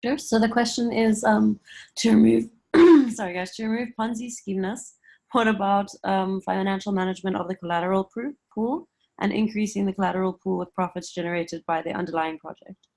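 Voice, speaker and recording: A woman's voice: mid-range voice, fairly quick, creaky, a little mellow. A woman on a video call reading out a question from the chat.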